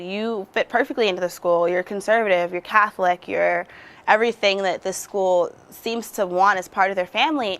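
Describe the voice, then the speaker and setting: A young college-age woman speaks straight to the camera, telling her own story in an earnest, plain way. Her talk is loose and conversational, full of "like" and small restarts, at an ordinary middle pitch. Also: a bit bright. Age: young adult. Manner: earnest, many "like" fillers. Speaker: college student.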